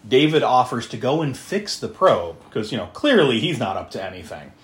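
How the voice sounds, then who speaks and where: Animated man recapping a movie. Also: medium pitch, moderate pace. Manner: animated, swearing, laughing, acting out characters. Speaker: podcast host. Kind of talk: casual movie recap chat.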